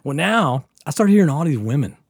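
Recorded dry with clean studio sound, this man in his fifties co-hosts a podcast and spins a wild yarn in casual conversation. His voice runs on the high side, fairly quick with a breathy edge, and he's animated, profane, and laughing throughout.

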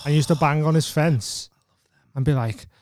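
A man's voice: a little high, moderate pace, a little mellow, no echo, studio quality. Laid-back man telling a childhood tale. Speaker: podcast co-host. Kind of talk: casual storytelling chat.

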